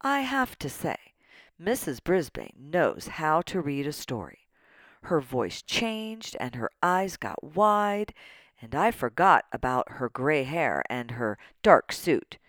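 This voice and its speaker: Low-voiced woman reading a kids story, lots of ups and downs, slow, dry close mic. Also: no room sound. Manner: animated, playful, childlike wonder. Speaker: audiobook narrator. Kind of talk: expressive storybook narration.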